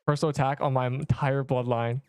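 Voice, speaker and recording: Smooth-voiced young male gaming streamer. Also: medium pitch, little pitch movement, brisk, darkish tone, no echo, soft background music. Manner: rambling, filler-heavy, reads chat aloud. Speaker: livestreamer. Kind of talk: casual livestream chat while gaming.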